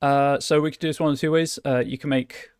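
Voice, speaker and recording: A man's voice: medium pitch, steady tone, brisk, a little mellow, smooth, no echo, clean studio sound. A man running a tabletop game as game master, describing scenes with many restarts and fillers.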